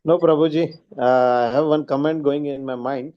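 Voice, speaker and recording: A man's voice: fairly high pitch, fairly even intonation, normal speed, highs cut off. A man asks a hesitant question in an online class, full of fillers. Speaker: student.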